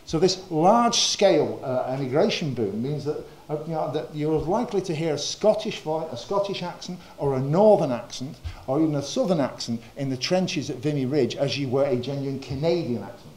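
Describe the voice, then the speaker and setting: A man from northern England giving a history lecture, measured and full of small fillers. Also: a little high, animated, darkish tone, reverberant. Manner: measured, with frequent uh fillers and quoted passages. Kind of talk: lecture presentation.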